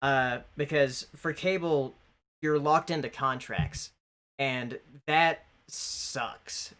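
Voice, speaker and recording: A man in a casual podcast chat, making his point haltingly with many ums and restarts. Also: medium pitch, fairly bright tone. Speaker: podcast co-host.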